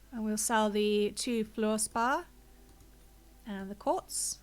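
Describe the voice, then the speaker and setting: Speaking very slowly in a mid-range voice, a woman chats through her game stream. She thinks aloud and explains each choice she makes, sounding a touch out of breath and congested.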